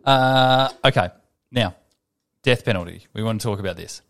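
A South Australian man co-hosting a podcast in casual chat, relaxed and sweary, steering the conversation. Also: fairly low pitch, moderate pace, creaky. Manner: laid-back, sweary, steers topics. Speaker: podcast co-host.

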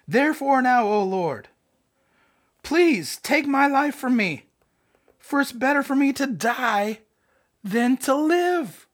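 A man's voice: very high-pitched, sing-song, slow pace, few pauses, pitched above the performer's own voice, exaggerated voice. A man voicing a grown male prophet in a melodramatic tantrum, acting out scripture as a teacher. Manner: exaggerated, complaining, dramatic.

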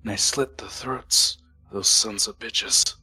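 A man with a very raspy, somewhat low voice plays a tabletop game. He talks gruffly and jokes around. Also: fairly even intonation, measured pace, sharp tone. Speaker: tabletop player.

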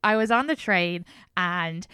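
A young woman with an Irish accent, hosting a podcast in a casual chat. Her voice is smooth and clear, and it is recorded close and dry. She tells lively stories, laughs easily and swears without a second thought. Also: fairly low pitch, measured pace, no room sound. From Ireland. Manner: lively storyteller, laughs often, swears freely. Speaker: podcast host.

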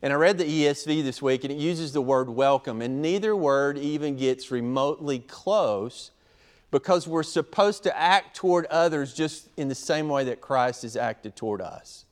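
Man, pastor, sermon, somewhat high pitch, animated, voices quotes. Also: moderate pace.

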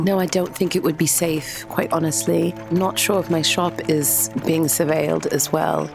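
A woman playing a tabletop game, speaking in character with measured, formal phrasing. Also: low-pitched, lively intonation, creaky, music in the background. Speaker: player. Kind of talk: in-character role-play.

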